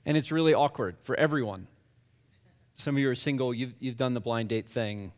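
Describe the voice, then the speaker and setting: A man's voice: medium pitch, a little fast, darkish tone, big-room sound. A man, a pastor, telling a story to an audience in a conversational, self-deprecating way.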